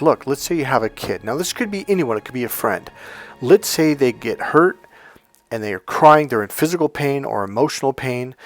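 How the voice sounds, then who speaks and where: Emphatic male dating coach. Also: mid-range voice. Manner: emphatic, persuasive, acts out quoted voices. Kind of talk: coaching monologue to camera.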